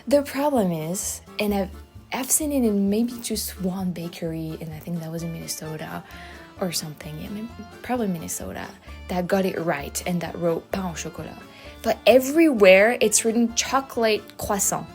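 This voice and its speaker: A woman's voice: medium pitch, moderate pace, darkish tone, faint music behind. A young adult French woman with a French accent, chatting casually and emphatically to camera as a video host, with frequent restarts. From France. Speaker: YouTube host. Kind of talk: casual explainer talk to camera.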